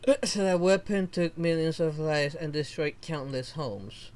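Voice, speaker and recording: A male VTuber streamer reading game dialogue aloud slowly, with casual commentary, laughs and mild swearing. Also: a little high, darkish tone. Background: faint game music.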